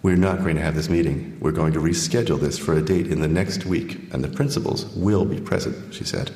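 Super deep voiced guy reading his book aloud then doing q&a, lots of uhs, big echoey hall. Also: darkish tone. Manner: measured reading, many fillers when speaking freely. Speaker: author giving a talk. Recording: echoey hall, long reverb.

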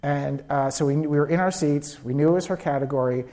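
A man's voice: on the high side, fairly quick. A man, a screenwriter, telling stories in a live onstage interview, acting out quotes and laughing often. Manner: animated storyteller who acts out quotes with laughter. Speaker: screenwriter guest.

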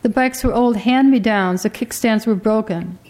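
A woman reading a literary story aloud as an audiobook narrator, in a measured, quietly dramatic way. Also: fairly high pitch.

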